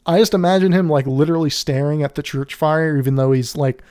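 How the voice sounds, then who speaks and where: A man's voice: a little high, fast talker, mellow, smooth. Giggly man reviewing an album. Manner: rambling, laughs often, self-interrupting. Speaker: music reviewer.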